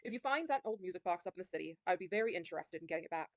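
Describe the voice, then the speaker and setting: Woman doing a centuries old sewer phantom guy, calm n detached, dry sound. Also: lowish voice, no echo. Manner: calm, measured, unattached.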